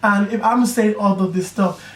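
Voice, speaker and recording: A young man tells friends a personal story in casual chat, animated and chatty, often checking in with his listeners. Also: sits high, normal speed, far from the mic. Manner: animated, chatty, keeps asking "do you know what I mean". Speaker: YouTuber telling a personal story. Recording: echoey room, voice off-mic, faint hiss.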